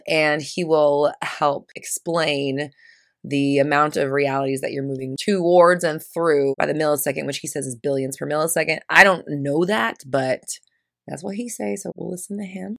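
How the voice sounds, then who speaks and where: Woman host, casual monologue, low gravelly voice with fry, sarcastic edge, dry close sound. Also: no echo. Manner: chatty, swears casually; teasing, sarcastic asides. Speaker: podcast host. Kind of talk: casual spiritual talk monologue.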